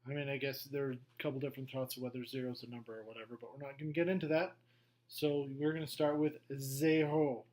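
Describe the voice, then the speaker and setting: A middle-aged man teaching a beginner language lesson, going slowly through a worksheet, patient and repetitive with frequent okays. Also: mid-range voice, steady tone. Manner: slow, patient, repeats himself with many okays. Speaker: French teacher. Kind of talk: classroom lesson walkthrough.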